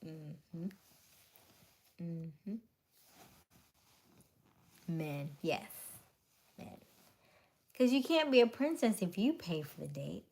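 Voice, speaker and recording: A woman's voice: fairly low pitch, very animated, very slow, gravelly, pauses often, darkish tone. A woman hosting a casual livestream, chatting with viewers and answering their comments, often laughing. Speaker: livestream host. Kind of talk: casual live chat with viewers.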